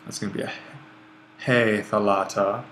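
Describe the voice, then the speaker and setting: A man teaching a grammar lesson over a screencast, relaxed and thinking aloud as he writes, often correcting himself. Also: fairly low pitch, normal speed, a little hiss or hum. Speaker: Greek language instructor.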